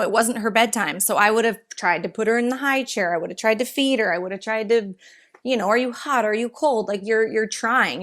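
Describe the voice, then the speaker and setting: Animated woman telling a long anecdote. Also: mid-range voice. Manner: animated, rambling anecdotes with quick restarts. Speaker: podcast guest, author. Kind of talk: casual interview storytelling.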